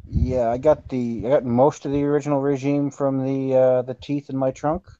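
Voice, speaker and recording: A man's voice: medium pitch, level tone, normal speed, mellow, no echo. A man speaking in character as a player in a tabletop role-play, laid-back and wisecracking. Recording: dull lo-fi mic.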